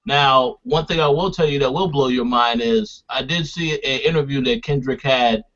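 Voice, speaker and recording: A man on a casual hip hop podcast panel, sharing his views in an easygoing, measured way. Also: mid-range voice, fairly bright tone. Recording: dull lo-fi mic.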